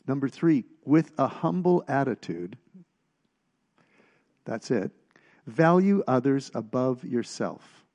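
A man's voice: mid-range voice, sing-song, slow, long pauses, darkish tone, dull audio. A man giving a conversational sermon, emphatic and asking his listeners questions. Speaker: preacher.

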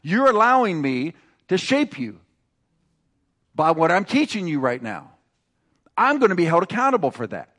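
Preaching with emphasis, a pastor has his congregation repeat his phrases back to him. He is a man with a high, slightly bright voice.

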